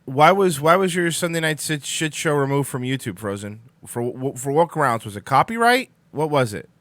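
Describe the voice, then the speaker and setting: Lively, bright-voiced man hosting a stream. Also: fairly high pitch, normal speed, dry recording. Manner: rambling, sarcastic, swears casually. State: yawning, sleepy in the morning. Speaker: host of a live-streamed morning talk show. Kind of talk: casual live-stream chat reading the chat.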